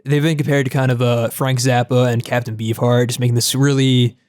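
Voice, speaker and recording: A man's voice: medium pitch, level tone, a little fast, darkish tone, smooth, dry recording, clean studio sound. A young man co-hosting a casual music podcast, laid-back, laughing often and swearing casually. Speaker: podcast co-host.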